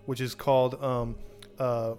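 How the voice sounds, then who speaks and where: A man's voice: medium pitch, flat delivery, unhurried, a little mellow, faint music behind. A man hosting a podcast, casually telling a true crime story with many restarts and acted-out quotes.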